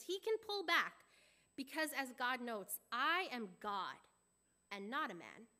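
A woman's voice: fairly high pitch, pushed and bright. A woman pastor preaching a sermon, explaining scripture in an earnest, expository way and reading verses aloud.

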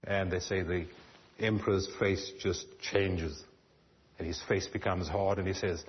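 A man with a fairly low voice preaches a sermon in an earnest tone. His phrases often trail off softly at the ends. The recording sounds dull and lo-fi. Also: steady tone, measured pace. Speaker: pastor.

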